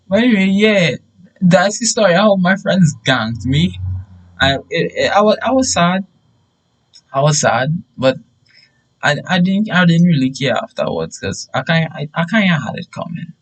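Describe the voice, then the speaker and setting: A young man telling a story in a casual, animated way with bursts of shouting. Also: sits high, normal speed, low-quality recording.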